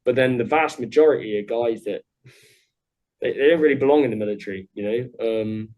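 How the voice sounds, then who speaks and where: A man's voice: mid-range voice, fairly quick, narrow, tinny audio. A man, a former soldier, telling war stories bluntly and with plenty of swearing in a casual interview. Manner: blunt and profane, animated when quoting others.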